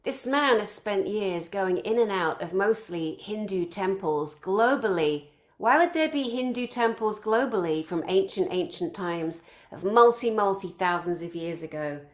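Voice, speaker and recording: A woman's voice: medium pitch, expressive, unhurried. A woman organizing a conference, introducing its speakers one by one and piling up effusive praise in long lists.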